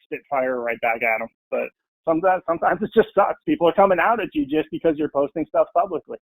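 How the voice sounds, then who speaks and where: Guy talking trading on a podcast, blunt and fired up, kinda high voice, dry close sound. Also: lively intonation, fast talker, gravelly, no room sound, poor audio. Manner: blunt, passionate, mimics people in quotes. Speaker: podcast guest, full-time trader. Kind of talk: casual interview chat.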